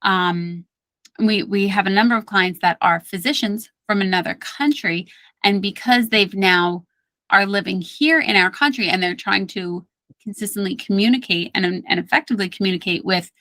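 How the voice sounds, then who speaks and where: A woman's voice: mid-range voice, moderate pace, pushed and bright, no echo. A woman from Brooklyn with a Brooklyn accent, a speech therapist explaining things at length in a podcast interview, often repeating her words. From Brooklyn, New York.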